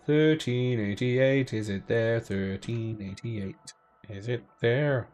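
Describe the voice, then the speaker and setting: A man's voice: fairly low pitch, animated, measured pace, soft background music. A young man casually hosting a giveaway live stream, chatting playfully, cracking jokes and counting down. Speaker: giveaway live draw host.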